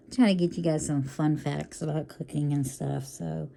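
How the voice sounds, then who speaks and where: A woman with a low, gravelly voice chats at an unhurried pace while she works on a craft project. She keeps calling her viewers y'all, drops in quick apologies and mutters to herself as she works. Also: fairly even intonation, mellow. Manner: chatty, calls viewers y'all, apologetic asides; talks to herself while working. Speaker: crafting vlogger. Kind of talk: casual chat while diamond painting.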